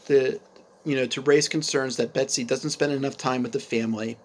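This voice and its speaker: A man narrating a family story in a casual, halting way, full of fillers and restarts. His voice sits at a middling pitch. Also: fairly even intonation. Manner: hesitant, many fillers and restarts.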